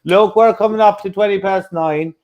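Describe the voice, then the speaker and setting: A man's voice: high-pitched, fairly even intonation, moderate pace, a little mellow. A man with an Irish accent hosting a casual interview, teasing and jokey with his guests. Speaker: host. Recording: dull lo-fi sound.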